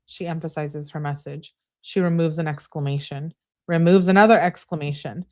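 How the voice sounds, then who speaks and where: A woman's voice: moderate pace, darkish tone. Woman live-reading texts with asides. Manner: reads texts in a raised, heated voice and comments in a lower, dry aside; talks back to chat viewers. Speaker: true crime live streamer. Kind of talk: live reading of text messages with commentary.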